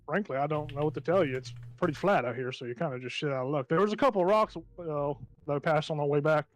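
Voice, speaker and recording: A man's voice: on the high side, quick pace, close to an everyday voice. A man voicing a jovial, folksy male dwarf gunslinger who talks in a friendly country way in a tabletop game. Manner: folksy, friendly drawl, stereotypical country talk.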